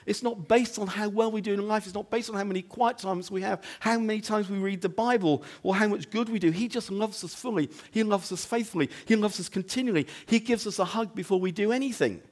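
A male pastor delivers a sermon in his church, chatting with the congregation through rhetorical questions and quick "okay?" checks. His voice sits a little higher than most men's. He sinks into quiet, low passages, then builds to loud, emphatic ones. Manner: conversational preaching, frequent "okay?" asides and rhetorical questions; swings between hushed low moments and loud emphatic stretches.

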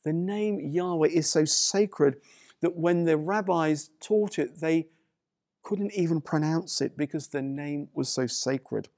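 A male pastor delivers a sermon at a deliberate, unhurried pace. His voice is gravelly and sits a little high for a man. He drives points home by repeating key phrases. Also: darkish tone, no room sound, studio quality.

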